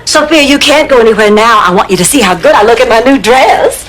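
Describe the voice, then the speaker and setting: A woman's voice: a little high, animated, fast talker, close to an everyday voice. An actress playing a flirtatious, man-hungry widow who talks in a breathless rush in a sitcom. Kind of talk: sitcom acting. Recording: noisy old TV clip.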